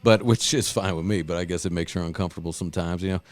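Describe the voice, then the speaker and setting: A man hosting a podcast, telling stories in casual chat, swearing a lot and loudly acting out what people said. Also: sits low, steady tone, rapid-fire, no echo. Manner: profane, storytelling, acts out quotes loudly. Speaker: podcast host.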